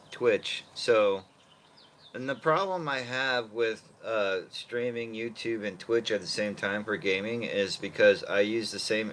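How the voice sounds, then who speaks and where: Man, casual livestream host, rambling, lots of ums, unhurried, lowish voice. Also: a bit bright, slight background noise. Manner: rambling, thinking aloud, many fillers.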